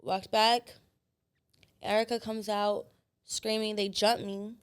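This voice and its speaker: A woman guest on a podcast, telling her story in a blunt, profane and animated way. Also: medium pitch, slow, clear, resonant tone. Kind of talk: casual storytelling chat.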